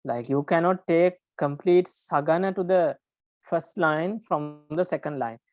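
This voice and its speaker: Low-voiced woman explaining metre, halting. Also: darkish tone, dry recording. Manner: halting, many fillers and restarts, careful explaining. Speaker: Pali teacher.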